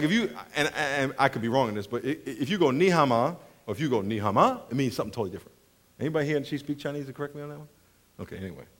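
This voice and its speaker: A man around forty preaching a sermon, telling stories with lots of laughter and acting out the people in them. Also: fairly high pitch. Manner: animated, laughs often, mimics people in his stories. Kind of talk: storytelling sermon to a congregation.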